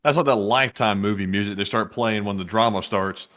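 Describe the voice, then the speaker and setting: Quick low-voiced male co-host. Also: fairly bright tone. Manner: brief joking remarks. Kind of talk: casual chat.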